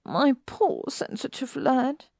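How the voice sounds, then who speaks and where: A woman voicing a teasing, doting teenage witch girl in a drawn-out, fond voice, read from a story. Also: sits high, big pitch swings, creaky, a little mellow, no echo, clean studio sound, pitched above the performer's own voice, heavily acted.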